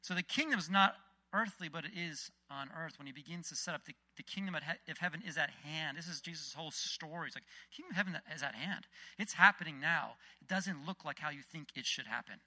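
A man giving a casual, conversational sermon with Bible readings and lively retellings. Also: a little high, a little fast. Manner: conversational, animated, frequent restarts. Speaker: preacher.

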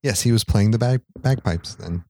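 A podcast co-host tells a rambling story in casual chat, laughing often and swearing offhandedly. His voice is fairly low and dark, at a moderate pace, recorded in studio quality with no room sound.

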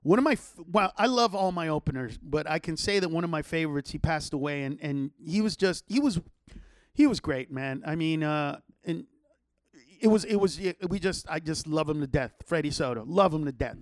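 High-voiced man telling a profane story. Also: fairly quick, dry recording, clean studio sound. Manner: profane, animated, rambling with restarts. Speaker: comedian podcast host. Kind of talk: casual storytelling chat.

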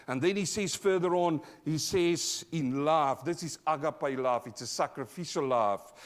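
A man with an Australian accent preaching a sermon live in church, emphatic, calling out to the congregation, swinging from loud to quiet. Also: on the high side. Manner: emphatic, call-and-response preaching. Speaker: pastor.

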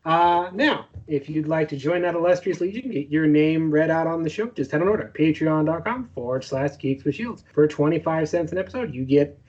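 A man's voice: fairly high pitch, animated, fairly quick, hardly any pauses, darkish tone, husky, muffled recording. A man co-hosting a podcast, chatting casually with blunt, wry banter. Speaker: podcast co-host.

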